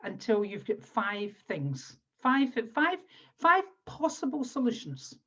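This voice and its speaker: On a dull, lo-fi webinar recording over a video call, a Scottish woman who works as an NLP trainer and coach runs a live online coaching workshop. Her voice sits on the high side and is very animated, slow, fairly bright and slightly rough. She talks listeners through exercises step by step in an instructive way, often repeating phrases as she guides them.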